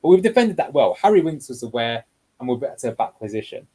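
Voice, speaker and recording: Husky man breaking down match clips. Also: mid-range voice, very animated, quick pace, warm tone, low-quality recording. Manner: explanatory, walks through clips step by step. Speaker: guest football analyst. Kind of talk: tactical video breakdown.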